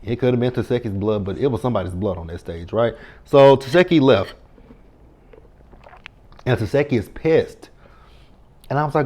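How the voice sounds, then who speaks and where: A man's voice: mid-range voice, normal speed, long pauses, warm tone. A man in his thirties giving a casual reality TV recap, blunt and profane, speaking straight to the cast members and stressing his words. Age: 30s.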